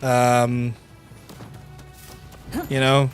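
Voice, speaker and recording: Chatty, sweary Irish streamer. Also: male voice, mid-range voice, monotone, very slow. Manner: chatty, blunt and sweary, with many restarts and 'like'. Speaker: gaming streamer. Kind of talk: casual livestream chat while gaming. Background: game music.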